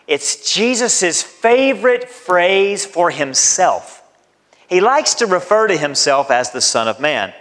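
A man preaching a sermon as pastor, emphatic and deliberate, with dramatic swings in his voice. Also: high-pitched, big pitch swings, fairly bright tone. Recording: long hall reverb.

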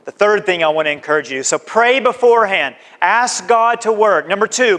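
A man's voice: sits high, animated, moderate pace, hardly any pauses, a bit bright. A man preaching a sermon, exhorting his listeners with repeated calls and acting out everyday conversations. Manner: exhorting, repetitive, acts out conversations. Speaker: pastor. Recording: long hall reverb.

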